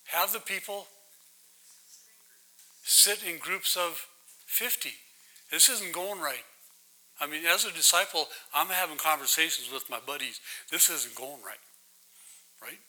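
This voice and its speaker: In a low-quality recording, a man leading a Bible study preaches in a chatty way, asking the audience questions and checking in with "right?" again and again. His voice is on the high side and sharp, a little slow, with long pauses.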